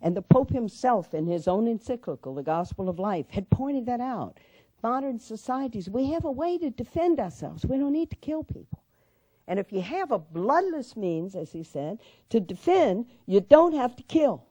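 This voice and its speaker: Earnest older woman with a mellow voice. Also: a little high, very animated, moderate pace, no room sound. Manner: earnest storytelling, rising to urgent questions. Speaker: speaker at a civic forum. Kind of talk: public speech. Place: lecture hall.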